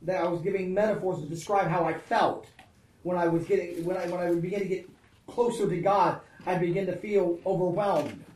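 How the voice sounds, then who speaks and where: A preacher delivering a conversational sermon, often asking the congregation "right?" and "Amen?", moving between hushed and forceful passages. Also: mid-range voice, fairly even intonation, a little fast. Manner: swings from hushed, intimate passages to loud, emphatic ones. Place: church or large hall. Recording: roomy echo, picked up from a distance.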